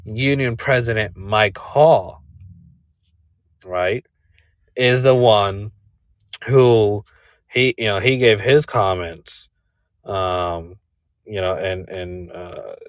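A man speaks slowly in a lowish voice, wandering through his point with fillers and a constant "right?". His voice is smooth and resonant. The sound is dry and close. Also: no echo. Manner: rambling, many fillers and rhetorical "right?". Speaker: podcast co-host. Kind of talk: casual commentary. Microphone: remote call.

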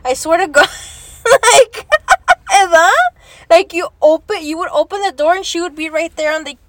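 A young woman with a high, bright-pitched voice chats casually, laughing often and swearing freely as she slips Spanish words into her talk. The sound is close and dry, with no room around it. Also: normal speed, dry recording. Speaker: vlogger. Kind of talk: casual chat.

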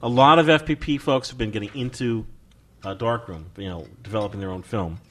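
A man hosting a casual podcast chat, reading listener letters aloud in a relaxed, joking way. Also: mid-range voice, brisk. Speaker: podcast host.

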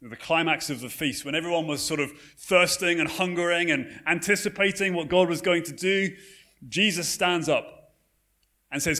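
Man, pastor, sermon, casual storytelling, somewhat high voice. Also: normal speed, sharp tone. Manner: conversational storytelling with frequent fillers and restarts.

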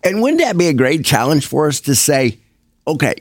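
A man's voice: fairly high pitch, very animated, fairly quick, no echo, studio quality. A man hosting a Bible study discussion, affirming and summing up what the others say. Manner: affirming, sums up others' points. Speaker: discussion host.

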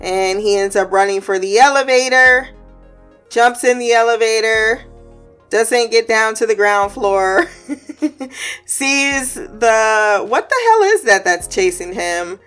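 A woman's voice: on the high side, lively intonation, takes it slowly, a bit bright, smooth, soft background music. Laughing woman recapping a show. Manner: chatty, laughs often, swears, acts out quotes. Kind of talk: casual episode recap.

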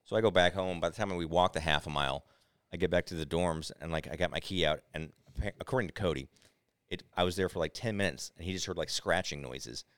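Fast-talking deep-voiced man telling stories. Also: fairly bright tone, clean tone, no room sound. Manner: rambling anecdotes with acted-out quotes. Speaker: podcast co-host. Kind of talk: casual storytelling.

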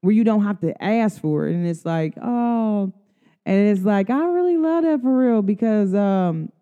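A woman with a mellow, warm tone and a smooth, clean voice talks through a casual podcast monologue. She is earnest and loose, full of slang and "like" fillers. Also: medium pitch, lively intonation, unhurried, muffled recording. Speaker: podcast host. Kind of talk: casual spiritual talk.

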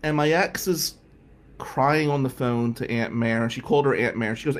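A man telling a comic story in an animated, profane, incredulous way. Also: medium pitch, normal speed. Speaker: stand-up comedian.

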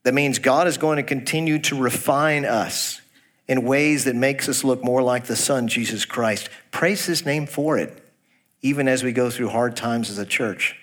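A man's voice: mid-range voice, normal speed. A male pastor preaching a sermon, asking the congregation direct questions, reading scripture aloud and making folksy jokes. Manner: folksy, jokes about a Texas accent.

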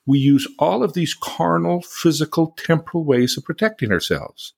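A man's voice: on the high side, animated, normal speed, gravelly, hardly any pauses, slightly rough. A middle-aged man, a podcast co-host, explaining ideas in an earnest teaching manner and sometimes acting out angry outbursts. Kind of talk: conversational teaching talk.

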